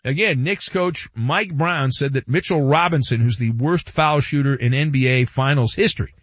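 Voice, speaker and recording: A man's voice: mid-range voice, normal speed, fairly bright tone, dry recording. A man hosting a sports talk radio show, delivering a playful, wry monologue full of asides and repetition. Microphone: studio microphone. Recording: dry, slightly dull radio studio sound.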